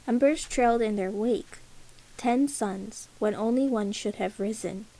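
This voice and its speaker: A woman reading a legend aloud as a first-person storybook narration, measured and solemn. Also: fairly high pitch, vocal fry, mellow, poor audio.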